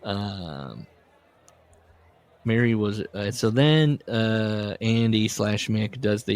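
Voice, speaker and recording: A man hosting a casual podcast book discussion, recapping and reading passages with lively put-on voices. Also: on the low side, takes it slowly. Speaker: podcast host.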